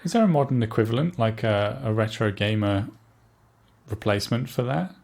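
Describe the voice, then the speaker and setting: Joking low-voiced podcast co-host man. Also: expressive, normal speed, vocal fry, a little mellow. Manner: joking, playful asides. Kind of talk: casual chat about retro games.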